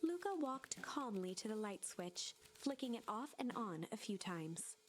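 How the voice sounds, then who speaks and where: A woman streamer reading a visual novel aloud in hushed, whispered narration. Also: mid-range voice, animated, a little slow. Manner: hushed, breathy storytelling. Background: music.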